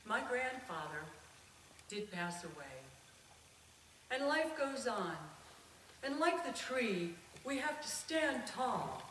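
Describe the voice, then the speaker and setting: A middle-aged woman giving a prepared speech at a club, telling stories with an expressive voice that swells and drops. The voice sounds echoey and far from the mic. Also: fairly high pitch, slow pace, pauses often, a little hiss or hum. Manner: expressive storytelling, swelling and dropping. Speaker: club speaker.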